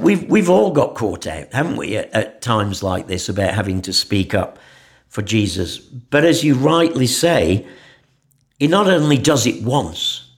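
A man's voice: mid-range voice, creaky. Earnest man reflecting on scripture. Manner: earnest, animated, many rhetorical asides. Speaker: co-presenter of a Bible podcast. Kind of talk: conversational Bible reflection. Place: church in Jerusalem.

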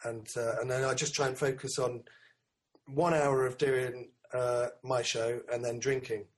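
Man, veteran comedian, relaxed chat, swears, mid pitch. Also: a little slow. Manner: laid-back, swears. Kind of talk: casual chat.

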